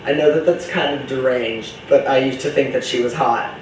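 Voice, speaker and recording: A man's voice: medium pitch, steady tone, moderate pace, distant mic, a little hiss or hum. A young man rambling in a casual vlog monologue, chatty, campy and profane, jumping between topics. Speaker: vlogger. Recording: roomy echo, voice from off-mic.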